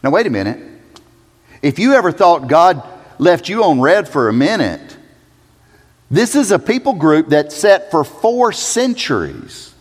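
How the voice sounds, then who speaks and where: A man preaching a sermon as pastor, swinging dramatically between loud urgent passages and hushed low ones. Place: church sanctuary. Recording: long hall reverb.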